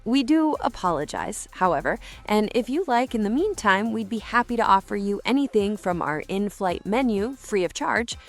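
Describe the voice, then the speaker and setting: A woman voicing a polite, smoothly apologetic female flight attendant in a storybook joke. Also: mid-range voice, lively intonation, moderate pace, few pauses, faint music behind, lightly acted.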